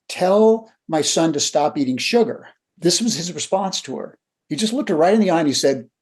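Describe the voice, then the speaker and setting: Older man telling stories, mellow husky voice. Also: a little high. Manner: animated storyteller who acts out quotes. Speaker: leadership coach guest. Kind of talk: conversational storytelling.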